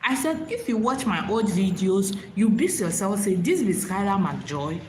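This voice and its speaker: A woman's voice: medium pitch, very animated, unhurried, darkish tone, slight background noise, poor audio. A woman hosting a live stream and giving motivational advice in a preachy, repetitive way, often asking if listeners understand. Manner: preachy, repeats herself, asks "you understand?".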